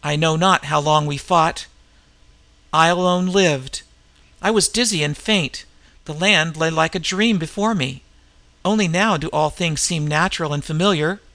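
Brief: narrator doing a stunned barbarian fighter, gravelly and crisp, low-key and bewildered. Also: male voice, a little slow, sharp tone, dry recording. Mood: haunted. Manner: dazed, hoarse-edged plain speech. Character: battle-dazed barbarian warrior, grim young man.

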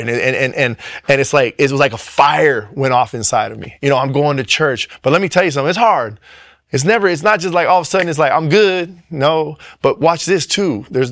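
A man in ministry telling his personal faith testimony in an earnest, emotional way, often halting and restarting his sentences. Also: mid-range voice, no room sound, studio quality. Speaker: ministry worker sharing testimony.

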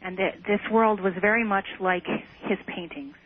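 A woman's voice: mid-range voice, moderate pace. A woman guest in an interview, earnestly recounting a personal experience with some hesitant restarts. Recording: tinny phone line on radio.

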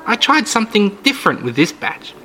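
A man putting on a shrill, sweet old woman. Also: big pitch swings, brisk, bright, forceful tone, soft background music, full character voice. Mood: gushing. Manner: high, shrill, sing-song old-lady voice. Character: frail, wiry elderly woman, sweetly unnerving.

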